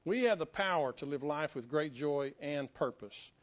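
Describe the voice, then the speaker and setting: Folksy pastor preaching, higher voice. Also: male voice, expressive, moderate pace. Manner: folksy, self-joking, drops to a hushed tone for stories. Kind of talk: sermon. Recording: muffled lo-fi sermon recording.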